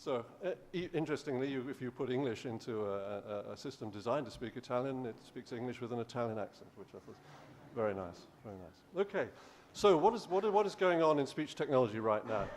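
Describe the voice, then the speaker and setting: A man's voice: mid-range voice, animated, fast talker, slight background noise. A male professor giving a conference lecture, explaining steadily with frequent restarts. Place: conference hall.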